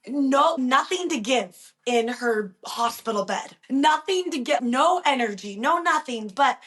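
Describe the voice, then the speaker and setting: A young woman guest in a podcast interview, talking openly and emotionally, laughing softly between thoughts. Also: high-pitched.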